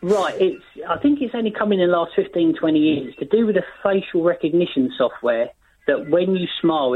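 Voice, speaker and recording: A man's voice: a little high, slight background noise. A man calling a radio phone-in, chatty and earnest, heard down a phone line. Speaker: caller. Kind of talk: phone-in call.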